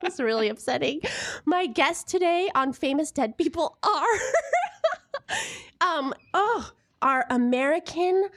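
A woman's voice: high voice, expressive, slow pace, fairly bright tone. A woman guest-hosting a live comedy podcast in an art space, bubbly and teasing, laughing often. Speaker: guest host.

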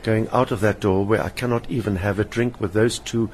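A man's voice: fairly low pitch, fairly even intonation, fairly quick, a little hiss or hum. Older South African man telling stories. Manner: vivid storyteller, acts out quoted voices. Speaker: interview guest, stage performer. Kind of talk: personal storytelling in an interview. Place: hotel lounge.

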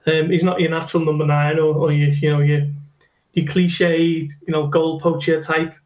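Brief: male football pundit, higher-pitched and flat, measured analysis with hesitations. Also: muffled recording. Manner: analytical, many restarts and ums. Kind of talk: casual podcast chat.

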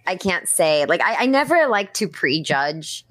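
Low-voiced woman, guest voice actress, eager rambling chat, dry close sound. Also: very animated, a little slow, dry recording. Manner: enthusiastic, rambling, many "like"s and "um"s. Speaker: podcast guest, voice actress and writer. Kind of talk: casual podcast chat.

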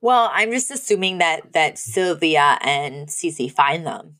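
A woman co-hosting a podcast recaps a TV episode in casual chat, her storytelling full of fillers and frequent giggles. Her voice sits low and is a bit bright, expressive and slow.

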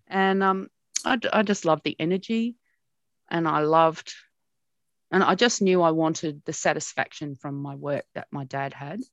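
A middle-aged woman with an Australian accent and a low voice, recalling her upbringing in a lively, story-driven way. She laughs often as she talks. The recording is close and dry. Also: a little slow, no room sound, dull audio. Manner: animated storytelling with frequent laughs. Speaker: broadcast journalist, interviewee. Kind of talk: reminiscing in an interview.

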